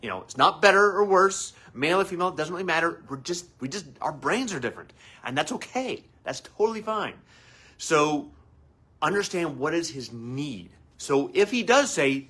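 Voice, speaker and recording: Animated, husky-voiced male therapist. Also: mid-range voice, a little fast. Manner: animated, acts out quoted voices. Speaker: family therapist host. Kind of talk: live advice talk.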